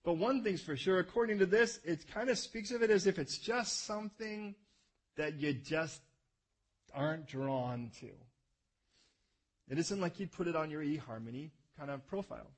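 Husky, animated male preacher teaching. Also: a little high, moderate pace. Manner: animated, conversational, asks the audience to repeat words. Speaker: pastor. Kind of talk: sermon teaching.

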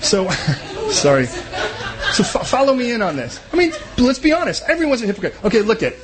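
A man preaching a sermon in a conversational, joking way, acting out quick little voices. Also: sits high, very animated, crowd noise, background noise. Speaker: pastor.

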